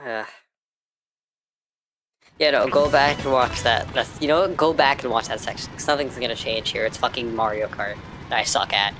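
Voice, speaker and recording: An American woman streamer in casual live-stream chat while gaming, ranting excitably and swearing freely. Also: extremely low pitch, normal speed, over music. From United States.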